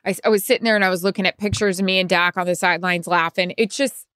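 A woman's voice: on the low side, steady tone, racing, a bit bright, clean tone, dry recording, clean studio sound. A woman co-hosting a podcast in casual chat, upbeat and gushing, mocking herself. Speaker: podcast co-host.

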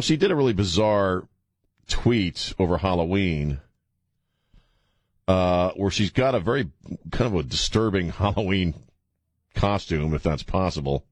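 Speaking into a studio microphone, this male talk radio host fields calls with irreverent, mocking banter and plenty of laughter. His voice is low-pitched, with no room sound in the recording.

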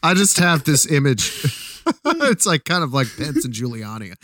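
A man's voice: a little high, wildly swooping pitch, normal speed, background noise. A man co-hosting a podcast in casual chat, giggling and restarting his sentences. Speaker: podcast co-host.

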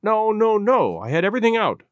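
A man reading the part of an excitable, insistent government secretary, his voice lifting high and loud. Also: brisk, no echo. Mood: agitated.

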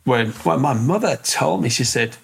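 A man's voice: mid-range voice, animated, moderate pace, vocal fry, husky. An older man telling a story as an interview guest, rambling and restarting with lots of fillers. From England. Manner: rambling, repeats words, many fillers. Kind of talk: casual storytelling.

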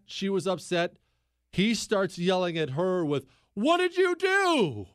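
Animated storytelling male radio host. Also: fairly high pitch, no echo, studio quality. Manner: animated, joking storyteller who teases his co-host. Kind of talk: storytelling monologue on a talk show.

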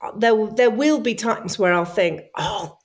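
A middle-aged woman chatting in an interview, an animated storyteller who acts out quoted voices in a high sing-song. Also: measured pace. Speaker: guest. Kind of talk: casual interview chat.

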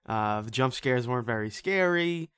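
A podcast co-host reviewing a horror movie in casual chat, animated, swearing and laughing often, with many fillers. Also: medium pitch, normal speed, clean tone.

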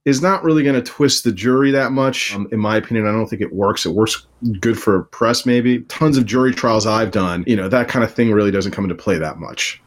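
A lawyer appears as a guest on a casual talk panel. he is a man with a lowish voice who speaks bluntly and with opinion, leaning on his years of courtroom work. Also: brisk.

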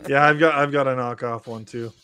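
A man's voice: mid-range voice, fairly even intonation, brisk, sharp tone, smooth. A man chiming in with wry, sarcastic remarks in a casual podcast chat.

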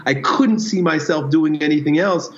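A man with a fairly high voice speaks thoughtfully as an interview guest, working through his ideas with images and stories from his own life. The sound is roomy and a bit dull, as if picked up in an echoey space with a modest mic. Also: moderate pace, a little hiss or hum. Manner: reflective, explains with metaphors and personal stories. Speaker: strength coach, guest. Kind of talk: casual conversational interview.

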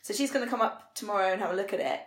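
A woman's voice: mid-range voice, lively intonation, very fast, gravelly, roomy sound. A woman co-hosting a podcast, chatting enthusiastically and thinking aloud as she recaps a TV episode. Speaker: podcast co-host. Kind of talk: casual chat recapping a TV episode.

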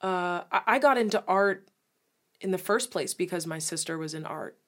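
Young woman, casual podcast chat, expressive, candid, curses now and then. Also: on the low side, normal speed.

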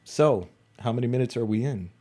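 A man co-hosting a comedy podcast, trading loose banter and mock-serious shout-outs. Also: mid-range voice, brisk. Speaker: podcast co-host.

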